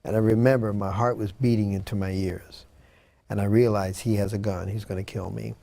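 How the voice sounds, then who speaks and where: A man's voice: fairly low pitch, flat delivery, fairly quick, creaky, warm tone, no echo. A man telling a personal story in an interview, earnest and dramatic, acting out what people said. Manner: earnest, dramatic retelling with acted-out quotes. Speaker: guest.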